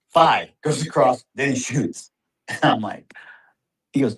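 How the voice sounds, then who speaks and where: A man's voice: medium pitch, animated, unhurried, husky. A man telling a hunting story as a father, recounting it vividly and acting out the exchanges. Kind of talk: recorded storytelling.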